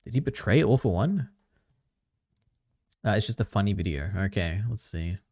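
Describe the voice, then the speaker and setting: A man's voice: fairly low pitch, lively intonation, normal speed, darkish tone, no echo, clean studio sound. A man chatting casually on a live stream, reacting to clips and rambling with lots of filler words. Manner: rambling, many fillers, chatty asides to chat.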